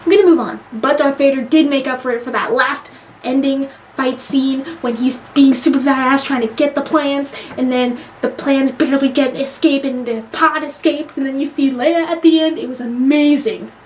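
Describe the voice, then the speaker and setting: High-voiced, excitable young woman reviewer. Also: moderate pace, a little hiss or hum. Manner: excitable, gushing, swears freely. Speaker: movie reviewer. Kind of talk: casual vlog review.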